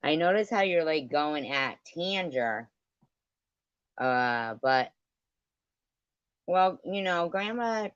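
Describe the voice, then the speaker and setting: A deep-voiced woman with lively intonation and a smooth quality speaks slowly, leaving long pauses, as she hosts a casual livestream and unloads a gossipy, profane, sarcastic ramble. The recording is dry and, via her livestream setup, dull and lo-fi.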